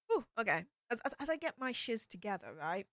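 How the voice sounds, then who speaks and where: A woman's voice: on the high side, a bit bright, no echo, clean studio sound. A young woman, chatting bubbly and rambling as she reads out super chats on her livestream. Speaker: YouTube host.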